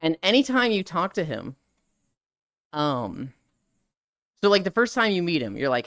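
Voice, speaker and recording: A streamer in casual live chat who rambles and swears freely, voice swinging widely in pitch. Faint background music runs throughout. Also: big pitch swings, normal speed, pauses often, a bit bright, no echo, clean studio sound.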